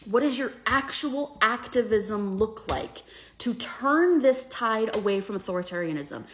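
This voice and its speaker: A woman's voice: fairly high pitch, animated, a little slow, a bit bright, a little hiss or hum. Scornful woman ranting at the camera. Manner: scornful, rising to heated and profane. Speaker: commentator in a reacted-to clip. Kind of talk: angry social media rant.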